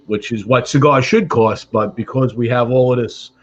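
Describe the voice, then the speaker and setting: A man's voice: mid-range voice, normal speed, dull audio. A man in casual, profane live-stream chat who rambles and keeps asking "right?".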